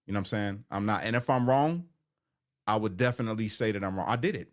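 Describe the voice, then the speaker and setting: Casual low-voiced man chatting live. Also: fast. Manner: casual, talkative, reads viewer comments aloud and answers them. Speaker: live stream host reading chat. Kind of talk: casual live stream chat.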